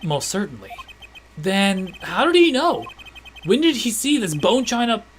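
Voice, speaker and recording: A woman's voice: medium pitch, measured pace, slight background noise. A woman streamer reading game dialogue aloud in shifting character voices and chatting to her viewers. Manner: animated, switches between character voices.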